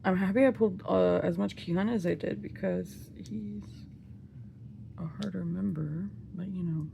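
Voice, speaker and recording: A woman's voice: lowish voice, steady tone, moderate pace, gravelly, background noise. A young woman, gushing and giggling as she unboxes albums in a casual vlog. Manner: giddy, gushing, laughs often. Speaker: unboxing vlogger. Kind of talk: excited casual unboxing chat.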